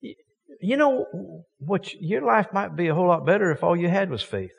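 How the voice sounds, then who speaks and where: A man preaches a sermon in a folksy, joking way, hitting his points with emphasis. His fairly high voice swings up and down with lots of life, and a long reverb from the church hall trails behind it. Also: big pitch swings, fairly quick, gravelly, slightly rough, muffled recording. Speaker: visiting preacher.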